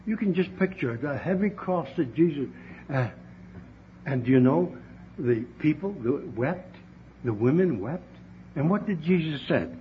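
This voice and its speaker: A man's voice: on the high side, expressive, measured pace. A man preaching a heartfelt sermon to his congregation, often calling out to them as brethren. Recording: dull, lo-fi recording with faint hiss.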